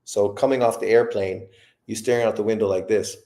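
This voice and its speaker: A man's voice: fairly low pitch, steady tone, fairly quick, mellow. A man in his fifties telling rambling, profane stories in a casual livestream chat. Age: 50s. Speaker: boxing livestream host.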